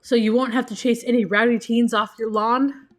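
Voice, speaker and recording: A woman's voice: a little high, fairly even intonation, normal speed, natural voice. Sassy teen daughter in a game, dry teasing, read by a woman in her everyday voice.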